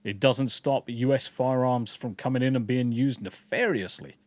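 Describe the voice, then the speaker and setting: Brief: male podcast host, mid-pitched, sweary and blunt, dry close sound. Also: lively intonation, normal speed, no echo. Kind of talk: casual podcast chat reading live chat.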